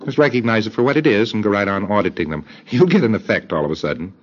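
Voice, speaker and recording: A low-voiced man lectures with a lively, swinging delivery and slips into quoted voices as he goes. The sound is dull and lo-fi, like an old tape. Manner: deliberate, acts out dialogue in quoted voices. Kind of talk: recorded lecture.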